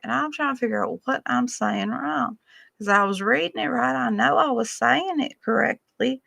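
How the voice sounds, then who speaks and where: Gravelly, folksy woman. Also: a little high, fairly bright tone, no room sound. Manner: folksy, humorous, drawn-out. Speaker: storyteller vlogger. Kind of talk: casual storytelling.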